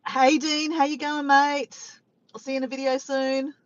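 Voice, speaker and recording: A woman's voice: high voice, flat delivery, normal speed, no room sound, muffled recording. A woman chatting casually on a live stream from her car by the beach, reading viewer comments, laughing and teasing playfully.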